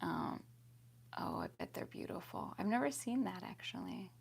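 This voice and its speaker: A young woman vlogger chatting casually to her viewers, laughing often and swinging between loud exclamations and hushed whispers. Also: on the low side, animated, moderate pace, creaky, breathy edge. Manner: laughs often while talking.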